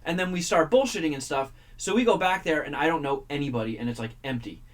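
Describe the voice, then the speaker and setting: A man's voice: a little high, quick pace. Chatty man telling a story on radio. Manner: chatty, swears casually, acts out quoted voices. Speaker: radio show regular. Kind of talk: casual storytelling. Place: radio studio.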